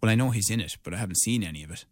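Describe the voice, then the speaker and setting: A man's voice: lowish voice, very fast, a little mellow, dry recording, studio quality. A man hosting a radio show, with chatty, teasing, opinionated banter. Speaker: radio host. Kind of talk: casual radio chat.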